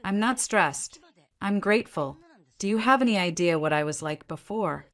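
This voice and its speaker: A woman's voice: mid-range voice, animated, moderate pace, a bit bright, lightly acted. A woman voicing an anxious, self-doubting young wife in a story reading, speaking in a tense, pleading, self-reproaching way. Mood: distressed.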